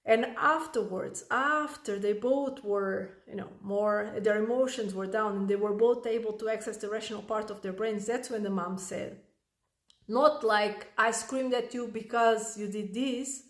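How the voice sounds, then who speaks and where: A woman's voice: medium pitch, unhurried, reverberant. A woman giving parenting advice as a coach, conversational, often checking in with "right?" and restarting her sentences. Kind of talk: advice talk to camera.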